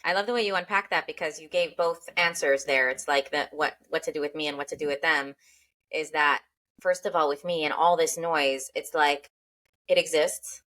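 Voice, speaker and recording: A woman hosting a casual podcast, with a deep-set yet bright and forward voice. She thinks aloud as she talks, circling back and restarting her phrases as ideas take shape. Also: steady tone, normal speed. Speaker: podcast host.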